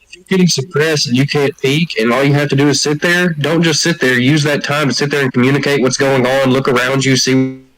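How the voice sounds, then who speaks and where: A man hosting a casual group chat, recounting game moments in an animated storytelling way. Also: mid-range voice, fairly quick, low-quality recording.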